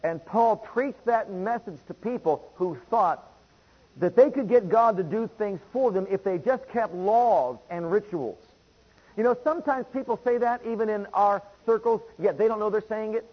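A man's voice: high-pitched, normal speed, husky, muffled recording. A man preaching a sermon, driving home points by repeating phrases and reading scripture aloud.

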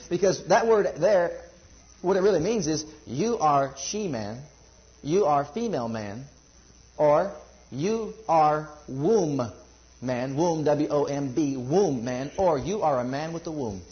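A man's voice: a little high, lively intonation, normal speed, highs cut off. A man preaching a sermon to a congregation, building emphasis and asking rhetorical questions.

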